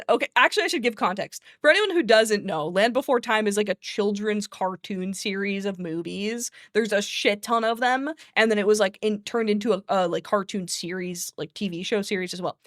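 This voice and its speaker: A woman's voice: mid-range voice, a little fast, few pauses, dry recording. Woman streamer, casual rambling chat, frequent laughs, profane, dry close sound. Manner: rambling, laughs often, swears freely.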